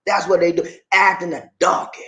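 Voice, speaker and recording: A middle-aged man vlogging at home in casual commentary, animated, rambling and emphatic. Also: high voice, normal speed. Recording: roomy echo.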